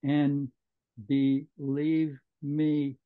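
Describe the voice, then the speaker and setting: A man reading aloud a letter written by a young boy, slowly and deliberately, on muffled audio. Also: a little high, monotone. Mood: earnest.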